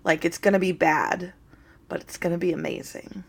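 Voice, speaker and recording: A woman in loose podcast chat, blunt and quick to swear, getting excited as she talks. Her voice is a little lower than most women's. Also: vocal fry, husky. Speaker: podcast co-host. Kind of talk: casual chat.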